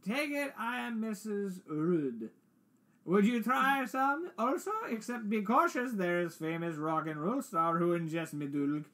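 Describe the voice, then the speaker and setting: A pompous lady scientist in a game, piling up big words in broken English with a thick, wobbly mock-European accent, as a man puts her on. The voice sits far above an ordinary man's pitch, with a bright, sharp edge. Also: animated, measured pace, heavily acted. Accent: put-on vague European. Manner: wordy, broken grammar, theatrical. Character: eccentric female scientist, pompous, mangled English.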